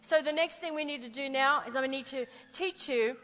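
A woman preacher telling personal stories in a lively sermon, acting out the voices she quotes. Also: high voice, normal speed, in a large hall, low-quality recording.

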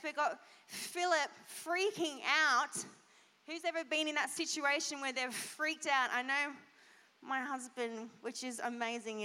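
A woman pastor giving an animated children's sermon, asking the kids questions. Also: high-pitched. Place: church hall. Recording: long church hall reverb.

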